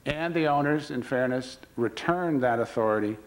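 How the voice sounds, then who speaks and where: A man's voice: medium pitch, normal speed, low-quality recording. Storytelling man with dry wit. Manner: storytelling with dry wit, retelling quoted dialogue. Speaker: baseball commissioner giving a public talk. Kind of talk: humorous anecdotal speech.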